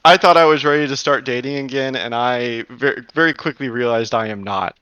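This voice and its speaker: A man's voice: mid-range voice, fairly quick, pushed and bright, smooth, dry recording, lo-fi sound. A man in his thirties telling a long story in casual chat, rambling with lots of fillers and laughs.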